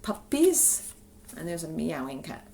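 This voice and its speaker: A woman's voice: low voice, a little slow, vocal fry, a little hiss or hum. Woman explaining teaching cards to camera. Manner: relaxed, explanatory, talks directly to camera. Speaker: music teacher. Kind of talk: instructional video talk. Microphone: camera she films herself with.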